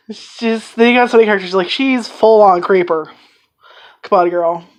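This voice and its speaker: A woman giving a casual, rambling anime review, excitedly retelling scenes and swearing freely. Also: mid-range voice, a little slow.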